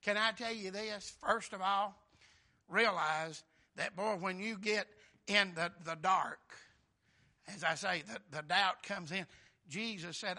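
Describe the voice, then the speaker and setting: A man preaching, his voice pitched high and bright. He talks in a folksy, exclamatory way, keeps calling out for amens, and pushes his voice hard. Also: slow pace. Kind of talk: sermon.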